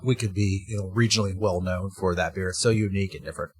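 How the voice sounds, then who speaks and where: A man who owns a brewery, talking in a casual interview and telling animated stories with lots of restarts. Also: deep voice, fast, husky, dry recording, clean studio sound. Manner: animated storytelling with laughs and restarts. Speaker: brewery owner, guest.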